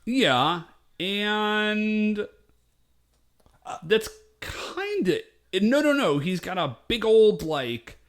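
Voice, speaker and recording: A man co-hosting a podcast, chatting loosely through an episode recap. His voice sits a little high and swings widely in pitch. He rambles and drops quoted asides as he goes. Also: sing-song, very slow. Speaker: podcast co-host. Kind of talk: casual episode recap chat.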